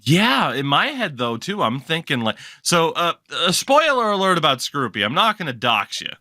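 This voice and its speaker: A man hosting a casual hockey podcast, chatty and quick to laugh. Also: fairly high pitch, dry recording, clean studio sound. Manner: chatty, laughs often, animated storytelling. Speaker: podcast host.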